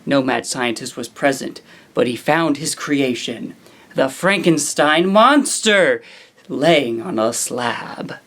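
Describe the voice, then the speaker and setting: A man with a gravelly, creaky voice tells a spooky story in a casual way. He often breaks off into wry, offhand comments. His pitch sits in the middle. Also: slow pace, fairly bright tone. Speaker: narrator and reviewer.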